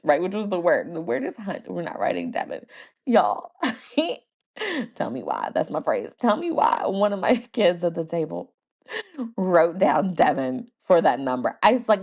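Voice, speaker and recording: Her voice lowish and gravelly, a woman who teaches first grade and hosts a podcast unhurriedly shares an easygoing story, livening it with frequent laughs and playful mimicry.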